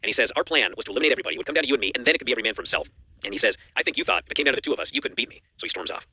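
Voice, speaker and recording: A man's voice: medium pitch, slightly rough. A man co-hosting a wrestling news show, recapping matches in a casual chat and acting out the quotes. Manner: rapid animated recap, acts out quotes.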